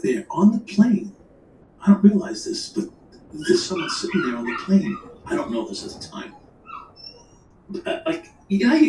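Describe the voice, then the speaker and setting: A man's voice: high voice, warm tone, reverberant, distant mic, slight background noise, low-quality recording. A man telling a rambling, profane crime story in casual chat, full of restarts and quoted dialogue. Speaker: storyteller guest.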